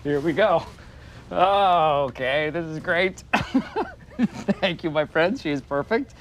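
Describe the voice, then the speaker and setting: A man in a sitcom, an office manager talking in an excitable, giggly, nervous way. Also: fairly high pitch, takes it slowly, slight background noise. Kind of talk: sitcom dialogue.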